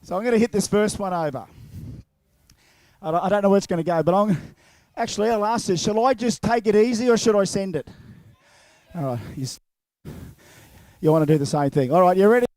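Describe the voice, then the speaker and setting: Australian male event announcer, high-pitched, jokey with the crowd, handheld mic outdoors. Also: expressive, brisk, long pauses, mellow, no echo. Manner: chatty and jokey, calls out to the crowd. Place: outdoors at a racetrack. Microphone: handheld microphone and horn speaker.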